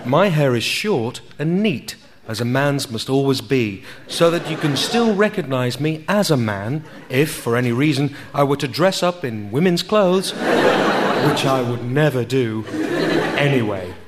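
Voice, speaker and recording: A man delivering scripted sketch comedy in a deadpan, mock-serious manner. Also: mid-range voice, a little slow, background noise. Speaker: comic presenter in a sketch.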